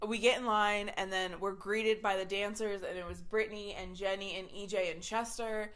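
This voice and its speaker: A woman podcast host telling a story in casual chat, animated and swearing freely, with lots of "like". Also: medium pitch, moderate pace.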